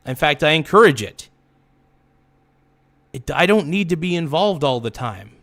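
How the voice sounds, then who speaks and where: Fired-up ranting man, fairly high voice. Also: very animated, fairly bright tone. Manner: heated, repetitive, swearing rant; halting restarts and self-corrections. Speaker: livestream host. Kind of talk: livestream monologue.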